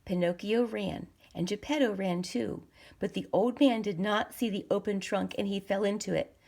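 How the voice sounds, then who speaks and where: A woman's voice: mid-range voice, steady tone, moderate pace, creaky, a little mellow. A woman reading a picture book aloud to children, engaging and asking the listener questions.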